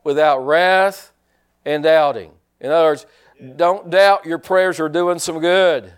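A man's voice: a little high, steady tone, takes it slowly, clean tone. A man preaching a sermon in a folksy, joking way, restarting his sentences often. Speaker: pastor.

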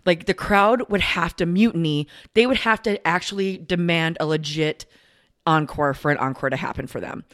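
Chatty woman podcaster, fairly low voice. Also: normal speed. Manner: chatty, lots of "like" fillers, animated when ranting. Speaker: podcast co-host. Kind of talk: casual chat. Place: podcast studio.

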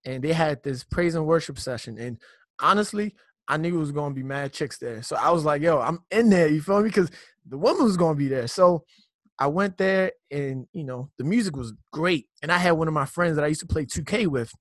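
A man's voice: a little high, fairly quick, no room sound, clean studio sound. Slangy Nigerian-raised man telling his testimony. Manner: animated storytelling with slang and repeated words. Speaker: guest. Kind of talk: personal testimony in casual conversation.

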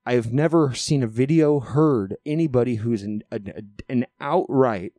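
A man's voice: mid-range voice, unhurried, dark tone, dry recording, studio quality. Rambling, profane podcast co-host man. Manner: rambling, profane, repeats himself. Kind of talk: casual chat.

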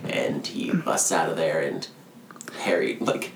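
A man's voice: low-pitched, steady tone, normal speed, reverberant, recorded from a distance, slight background noise. A man co-hosting a podcast, recapping a film in casual chat, rambling with lots of fillers. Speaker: podcast co-host.

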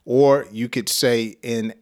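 An American man teaching an English lesson, speaking slowly and deliberately with light chuckles. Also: medium pitch, steady tone, a little mellow. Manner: slow, deliberate and clearly spoken, with light chuckles.

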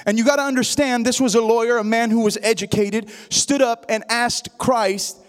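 A man's voice: very high-pitched, fairly even intonation, normal speed, in a large hall. A man preaching a sermon, praying and telling a story, rising at times into a sing-song preaching cadence. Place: church sanctuary.

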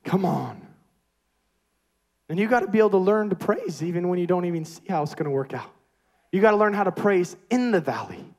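A man preaching a sermon with energetic, emphatic repetition. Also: high-pitched, fast.

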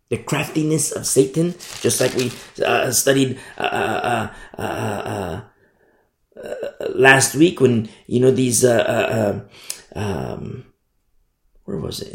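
A man's voice: mid-range voice, gravelly, darkish tone, roomy sound. A male pastor preaching a sermon in an emphatic, repetitive way, often asking "you see?".

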